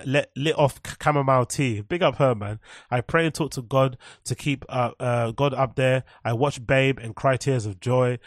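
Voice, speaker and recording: A man's voice: mid-range voice, dry recording, studio quality. A man hosting a solo podcast, rambling casually and swearing freely as he reads messages aloud. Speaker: podcast host.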